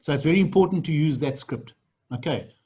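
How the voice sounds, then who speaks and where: A man's voice: on the high side, animated, brisk, mellow, husky. A man running a sales training on a video call, blunt and repetitive. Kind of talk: online training session.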